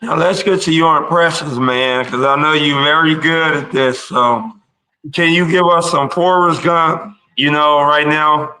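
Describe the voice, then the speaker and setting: A man's voice: on the high side, unhurried, sharp tone, clear, resonant tone, rough recording. A man hosting a casual interview in a laid-back, informal way. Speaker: podcast host.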